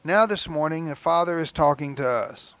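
Gravelly earnest male preacher, lo-fi. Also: a little high, dry recording. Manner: earnest, rhythmic preaching with dramatic pauses. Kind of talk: sermon. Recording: dull, lo-fi dry recording.

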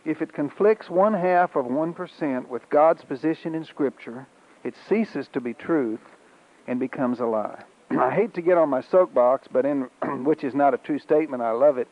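A man preaching a sermon with an emphatic, repeating cadence and frequent throat-clearing. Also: fairly high pitch. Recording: dull lo-fi recording.

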